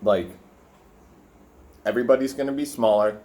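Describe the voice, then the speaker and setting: A man's voice: mid-range voice, normal speed, dark tone. A young man vlogging from his room, rambling casually with lots of fillers and swearing while he eats. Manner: rambling, profane, filler-heavy, talking while eating. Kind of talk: casual food vlog with rant.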